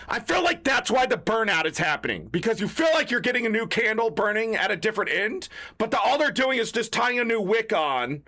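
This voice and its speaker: Male gaming creator, high bright voice, gravelly, exasperated swearing rant over faint music. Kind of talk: ranting commentary.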